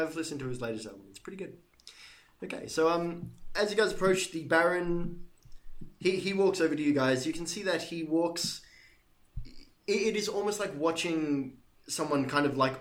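A man's voice: fairly high pitch, lively intonation, normal speed, a bit bright. Guy game-mastering an online tabletop game, stumbles and repeats words, laughs at himself. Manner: hesitant, repeating words, self-deprecating.

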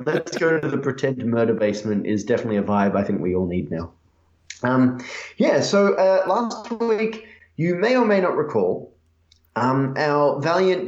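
A man's voice: mid-range voice, a little mellow, roomy sound, lo-fi sound. Chatty man running a tabletop game. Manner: chatty, hesitant, joking. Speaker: game master. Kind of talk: casual tabletop game narration.

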